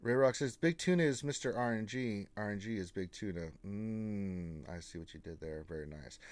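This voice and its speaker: A man co-hosting a casual live gaming stream, reading out viewer greetings and teasing them with flat refusals. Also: lowish voice, normal speed, dry recording.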